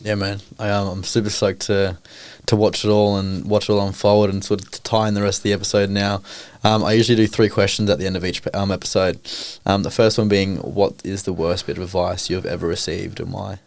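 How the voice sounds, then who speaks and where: A man's voice: sits low, little pitch movement, fairly quick, creaky, hardly any pauses, no room sound. A man hosting a podcast, laid-back as he asks his guests questions. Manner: laid-back, brief affirmations. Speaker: podcast host. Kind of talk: interview questions.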